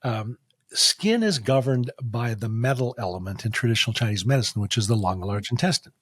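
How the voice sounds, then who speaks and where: Husky man telling a story animatedly. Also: mid-range voice, brisk, dry recording. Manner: animated storyteller acting out quoted dialogue. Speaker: guest, facial diagnosis practitioner. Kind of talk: storytelling in a podcast interview.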